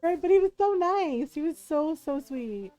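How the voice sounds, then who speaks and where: Woman streamer, high voice, chatty and playful, faint music behind. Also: animated, moderate pace, mellow. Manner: chatty, storytelling, laughs often, playful quoted voices. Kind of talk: casual chat while playing a life-sim game.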